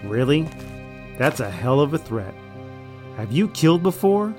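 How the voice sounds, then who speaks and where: A man's voice: fairly high pitch, very animated, a little slow, darkish tone, faint music behind. A man voicing a manipulative male raider in an audio drama, falsely friendly and then arrogant and threatening. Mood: smug, menacing. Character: smug, deceitful male raider, manipulative and menacing.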